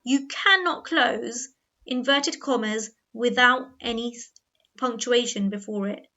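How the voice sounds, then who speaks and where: A woman teaching a grammar lesson, explaining clearly and patiently and slowing down on key words. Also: on the high side, pushed and bright. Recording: dull lo-fi voice-over.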